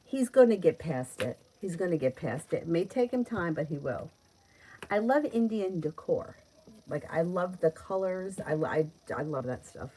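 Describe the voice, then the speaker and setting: A middle-aged woman with a New York accent, giving tarot readings on a live stream. She talks in a chatty, easygoing way and laughs often as she answers viewers. Her voice sits a little low for a woman. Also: animated, normal speed, mellow, a little hiss or hum, rough recording. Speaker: tarot reader.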